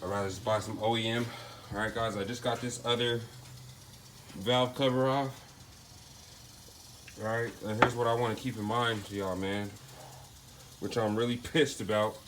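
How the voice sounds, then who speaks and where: A man with a low voice walks through a car repair in loose, slangy talk, thinking aloud as he works. A faint ambient noise sits behind him. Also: flat delivery, normal speed, pauses often. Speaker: DIY car repair vlogger. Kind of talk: casual how-to narration.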